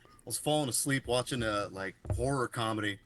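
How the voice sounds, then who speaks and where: A man with a bright, forward voice chats loosely on a podcast. He rambles through his story with plenty of "like" and "uh" and drops a swear word here and there. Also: mid-range voice, brisk, slight background noise. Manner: rambling, heavy on fillers and swearing. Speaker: podcast co-host. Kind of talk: casual chat.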